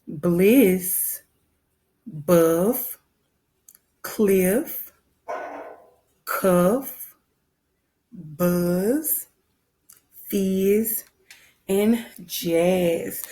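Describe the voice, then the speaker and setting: A woman's voice: medium pitch, darkish tone, slight background noise. A woman first grade teacher with a Southern American accent, patiently walking young children through a phonics lesson and repeating her instructions.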